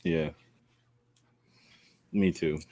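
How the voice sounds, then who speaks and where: A man co-hosting a wrestling podcast in casual chat, animated and argumentative, often laughing. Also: a bass voice, very slow, dry recording. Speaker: podcast co-host.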